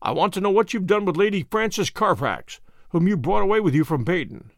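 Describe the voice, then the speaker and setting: A man voicing a cool, firm master detective who speaks briskly and with authority. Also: sits high, lively intonation, no echo, clean studio sound.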